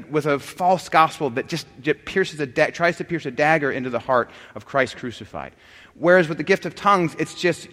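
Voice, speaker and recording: A man's voice: on the high side, fairly bright tone. A man teaching a class on scripture, talking casually to his students, often restarting sentences and joking with them. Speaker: Bible teacher. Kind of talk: lecture on scripture and church history. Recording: long hall reverb.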